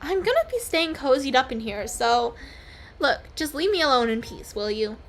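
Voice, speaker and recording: A woman's voice: sits high, very animated, moderate pace. A woman doing a drowsy lazy frog in a pot. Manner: sleepy, laid-back, a little grumpy.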